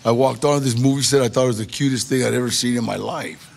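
A man telling his life story in a lively, conversational way, acting out the quotes from the people in it. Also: mid-range voice, fast, slight background noise. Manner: gravelly, animated storytelling with acted quotes. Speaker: storyteller guest. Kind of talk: personal storytelling.

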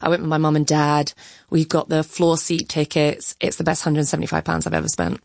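A woman critic with a low voice talks as a radio guest. She is chatty and enthusiastic and laughs easily. Her voice is recorded close and dry. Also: flat delivery, fairly quick, gravelly, a little mellow, dry recording. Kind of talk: lively studio chat.

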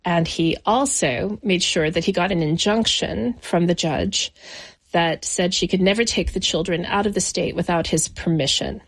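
A middle-aged woman as an interview guest, recounting her childhood in a reflective, measured way with slow pauses. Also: fairly low pitch. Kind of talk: personal memoir interview.

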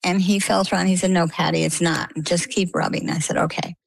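A woman's voice: on the low side, a little fast, vocal fry, dry recording, rough recording. A middle-aged woman from Maine, telling her own story as an interview guest and acting out what others said to her. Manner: lively storyteller, acts out quoted dialogue.

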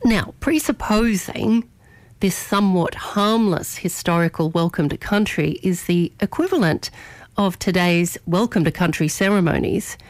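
A woman's voice: fairly low pitch, a little mellow, no room sound. A woman hosting morning radio, delivering an argumentative opinion editorial and leaning on key words. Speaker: radio host.

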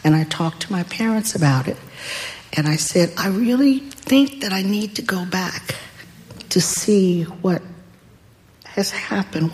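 An older woman telling a personal story in a deliberate, wry way. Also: mid-range voice. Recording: long hall reverb.

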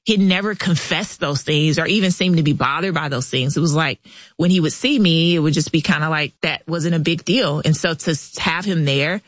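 A woman's voice: deep voice, normal speed, no room sound. A woman guest author, past her thirties, candidly telling a personal story in a casual interview and quoting the people involved. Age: adult past thirties. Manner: candid, animated retelling with quoted dialogue.

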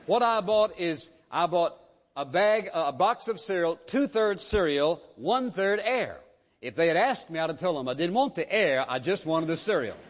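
A male pastor delivers a sermon in a fairly high voice, driving his points home with rhetorical questions and repetition. The sound is muffled and lo-fi. His words ring out with a long echo through a large hall. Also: expressive, moderate pace. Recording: dull lo-fi sound in a reverberant hall.

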